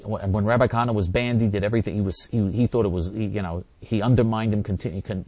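A man's voice: on the low side, darkish tone, dry recording. An older man hosting a talk radio show, answering listeners in an emphatic, repetitive monologue. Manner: emphatic and repetitive, hammering points again and again.

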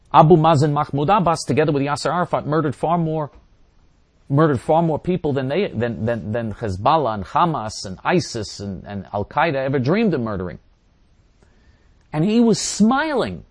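A man's voice: mid-range voice, no echo. A middle-aged man hosting a show and answering listener questions in a casual monologue. He speaks emphatically, repeating phrases and often restarting his sentences.

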